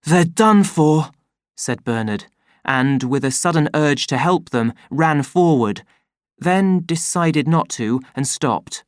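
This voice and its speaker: A man reading an audiobook as narrator, slow and expressive. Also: medium pitch, no room sound, clean studio sound.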